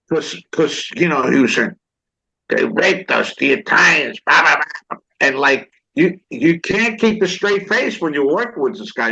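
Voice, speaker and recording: A man's voice: medium pitch, a bit bright. Older man spinning rambling show-business anecdotes. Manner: rambling anecdotes, acts out others' lines, restarts. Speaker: actor guest. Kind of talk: storytelling interview talk. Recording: dull lo-fi recording.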